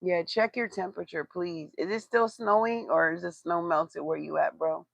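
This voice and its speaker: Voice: mid-range voice, steady tone, normal speed, creaky, dry recording. A tarot reader doing a live reading, blunt and profane, who swears for emphasis and talks straight to the chat.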